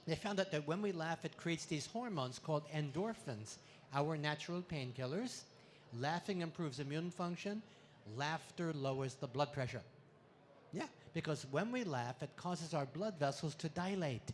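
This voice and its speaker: A male comedian on stage, trading in puns with a playful, bouncy delivery. His voice sits a little high for a man and swells loud on punchlines. A faint room ambience hangs behind him. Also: lively intonation, moderate pace, slight background noise. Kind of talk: stand-up comedy talk. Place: expo stage before a live audience.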